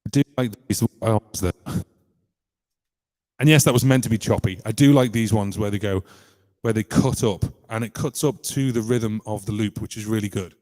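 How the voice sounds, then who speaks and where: A somewhat low-voiced man from the United Kingdom walks through his loop pedal presets in a relaxed live-stream chat. He talks hesitantly with lots of filler pauses, and a long reverb trails behind his voice. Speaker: musician demonstrating a loop pedal. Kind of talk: casual live-stream demo.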